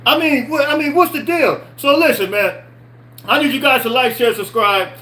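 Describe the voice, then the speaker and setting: Male podcast host, very high and bright voice, casual live-stream sports chat, repetitive and rhetorical. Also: normal speed, low-quality recording. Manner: repeats himself, rhetorical questions, answers chat comments.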